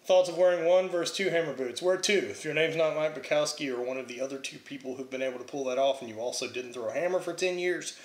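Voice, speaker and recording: A young man answering viewer questions about Highland Games throwing and training in a blunt, offhand way with casual swearing. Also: quick pace, few pauses, reverberant. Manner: blunt, profane, offhand, reads questions aloud then answers. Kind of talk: casual Q&A vlog.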